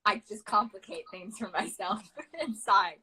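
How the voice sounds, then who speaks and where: A young woman talking to her viewers on a phone livestream with a bright, sharp tone. She rambles and giggles, restarts her sentences and tangles her words. Her pitch sits in the middle, neither high nor low. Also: unhurried, husky, rough recording. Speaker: co-host of a livestream. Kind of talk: casual chat.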